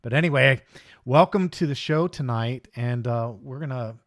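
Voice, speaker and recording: A middle-aged man hosts a casual livestream, rambling easily and greeting viewers one by one. His voice sits at an ordinary middle pitch. The sound is dry, with no room echo. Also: moderate pace. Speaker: host of a live hobby stream.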